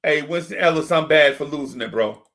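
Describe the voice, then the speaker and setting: A man's voice: fairly high pitch, brisk. Fired-up New man ranting at a mic. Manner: animated, repetitive, yelling rhetorical questions. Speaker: sports talk host. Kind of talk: live-streamed fan rant. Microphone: desk microphone.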